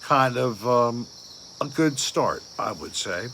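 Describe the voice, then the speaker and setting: A man's voice: medium pitch, expressive, slow pace, pushed and bright, a little hiss or hum. A man hosting a casual late-night livestream, rambling and answering viewer comments aloud. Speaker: livestream host reading viewer chat.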